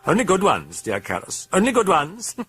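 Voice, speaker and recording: A man voicing a mocking, insolent demon in a young girl's body, with a raspy, light voice and a broad British accent. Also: high voice, huge pitch swings, normal speed, a bit bright, soft background music, pitched above the performer's own voice, exaggerated voice. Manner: insolent, taunting.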